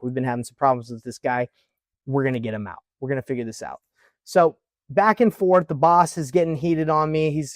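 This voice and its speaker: A man's voice: on the high side, no room sound, studio quality. A man, a real estate investor, casually telling a story to camera and acting out the dialogue with lots of "like". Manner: lively retelling with quoted dialogue, frequent "like".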